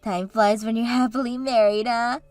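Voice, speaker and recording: A woman's voice: a little high, steady tone, normal speed, darkish tone, no echo, natural voice. A woman voicing Katie, a bubbly and encouraging sister and maid of honor, in a scripted story drama. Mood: cheerful.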